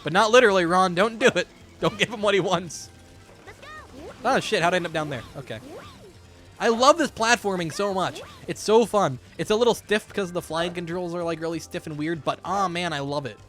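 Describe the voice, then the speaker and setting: A man's voice: high voice, a little fast, fairly bright tone, soft background music. A man streaming a video game, chatting casually with a profane, wry, jumpy manner and answering his chat. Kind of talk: casual live-stream commentary while gaming.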